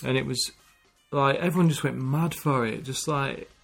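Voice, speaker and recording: Brief: co-host, gravelly fry in the voice, loose rambling talk. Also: male voice, mid-range voice, normal speed, a bit bright, faint music behind. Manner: rambling, full of "like" and restarts. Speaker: podcast co-host, musician. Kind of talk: casual chat.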